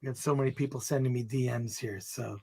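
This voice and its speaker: A man's voice: mid-range voice, fairly even intonation, fast, gravelly, darkish tone, breathy edge. A man co-hosting a live election stream, joking and reading memes aloud. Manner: jokey, reads memes aloud. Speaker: co-host. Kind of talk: livestream chat.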